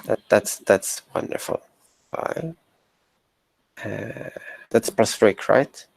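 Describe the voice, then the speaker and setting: A man's voice: lowish voice, vocal fry, dry recording, rough recording. A man playing a tabletop game, talking casually and stammering as he works out his move. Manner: halting, stammering. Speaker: player.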